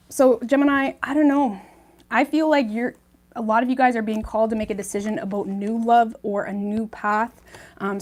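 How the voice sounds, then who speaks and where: Chatty woman giving a tarot reading. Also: fairly high pitch. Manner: chatty, reassuring, many ums and okays. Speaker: tarot reader. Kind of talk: casual tarot reading to camera.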